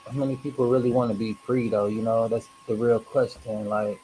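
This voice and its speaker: A man hosting a casual livestream, reflective and rambling, hoarse from smoking and clearing his throat often. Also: medium pitch, flat delivery, a little fast, mellow, a little hiss or hum, rough recording. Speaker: host.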